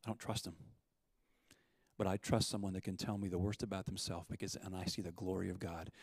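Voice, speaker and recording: A man preaching, telling a parable and acting out the quotes, with swings between loud urgency and hushed softness. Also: deep voice, fairly even intonation, fairly quick, husky, no room sound, long reverb tail. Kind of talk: sermon storytelling.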